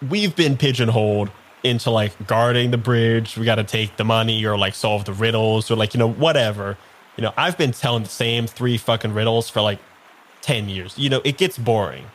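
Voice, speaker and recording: A man's voice: on the low side, moderate pace, slight background noise, natural voice. A man voicing a giant male bridge troll who is weary and grumbling, talking in a frank, rambling, complaining way.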